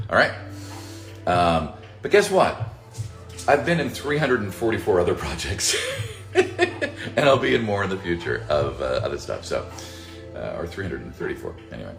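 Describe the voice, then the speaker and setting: A man's voice: low-pitched, sing-song, fairly quick. A man who voices characters, answering fan questions in a casual livestream Q&A. He jokes, swears casually and reads the chat aloud. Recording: roomy echo with faint music.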